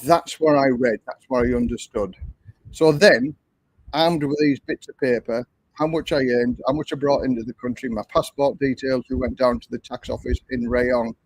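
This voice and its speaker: Husky older Englishman telling a story. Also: mid-range voice, fairly even intonation, moderate pace, dry recording, poor audio. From England. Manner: chatty, repetitive, conversational storyteller. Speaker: livestream host. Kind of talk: casual livestream storytelling.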